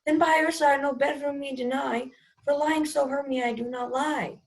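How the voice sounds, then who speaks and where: A woman's voice: high voice, fairly even intonation, moderate pace. A young woman playing an impulsive, ardent young man, speaking earnest verse in an amateur student Shakespeare performance over an online call. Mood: tender. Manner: earnest verse delivery, often soft. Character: ardent young male lover, impulsive and fickle. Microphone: video call.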